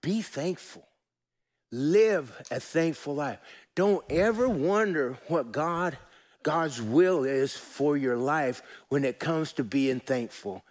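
During a sermon, a pastor with a high, bright-edged voice speaks slowly, folksy and animated. He drops soft, then rises loud as he urges the congregation to join in.

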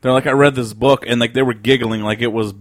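A man's voice: medium pitch, steady tone, fast, dry recording. Crude teasing man, dry sound. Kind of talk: casual chat.

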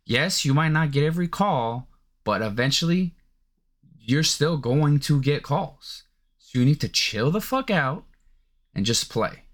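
A man's voice: mid-range voice, fairly bright tone. A man hosting a sports podcast, ranting casually and profanely with incredulous outbursts. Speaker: podcast host.

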